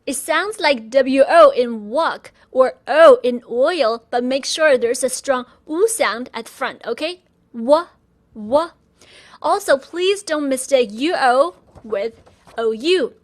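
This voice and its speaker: A woman's voice: high voice, expressive. A woman teaching pinyin pronunciation, patiently modelling sounds for learners to repeat. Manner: slow, patient drilling with repeat-after-me models. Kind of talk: pronunciation lesson.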